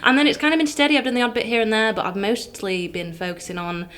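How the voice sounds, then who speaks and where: A woman's voice: a little high, animated, fast talker, a bit bright. A woman musician, a guest on a podcast, chatting casually and telling jokey stories.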